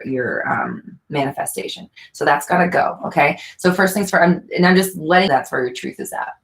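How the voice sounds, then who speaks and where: Answering viewer questions as a coach, a woman gives casual advice in a slightly lower, somewhat bright voice. She speaks earnestly but casually, repeating phrases and thinking aloud with plenty of fillers.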